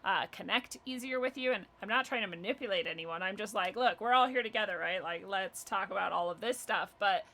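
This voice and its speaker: A woman's voice: medium pitch, a little fast, hardly any pauses, bright, forceful tone, poor audio. A woman in casual podcast conversation, talking animatedly, laughing often and acting out the voices of people she quotes. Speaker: podcast guest.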